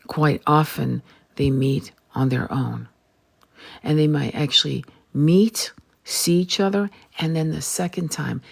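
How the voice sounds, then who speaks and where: A woman's voice: sits low, creaky. A woman tarot reader giving a blunt, emphatic spiritual vlog monologue and swearing freely.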